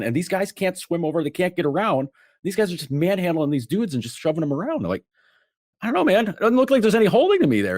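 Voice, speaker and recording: A man talking sports as a podcast guest, animated, often restarting and acting out what others said. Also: a little high, no room sound, clean studio sound. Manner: animated, acts out quotes, many restarts. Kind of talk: casual sports chat.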